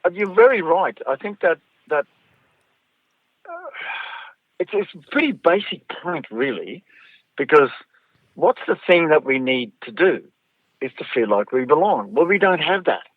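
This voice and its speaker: A man's voice: on the high side, unhurried, long pauses, no room sound. Australian storyteller man over a tinny line. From North Queensland, Australia. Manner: animated, repeats words while building a thought. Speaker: guest author and storyteller. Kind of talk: conversational interview. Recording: tinny phone-like line, dry.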